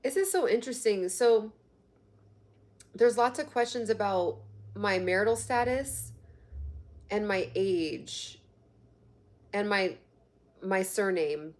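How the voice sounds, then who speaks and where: A woman's voice: mid-range voice, animated, slow, pauses often, a little mellow. A woman hosting a live stream on health and fitness, chatting casually and reading viewer comments aloud. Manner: chatty, laughs often, reads comments aloud.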